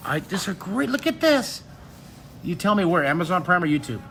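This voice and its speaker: Upbeat male drawing teacher, live stream, jokey and easily thrilled, voice a bit high, low hum of a diner around him. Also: moderate pace, vocal fry. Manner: excitable, jokey, bursts into loud delighted exclamations. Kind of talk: lively live-stream chat with fans. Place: a restaurant.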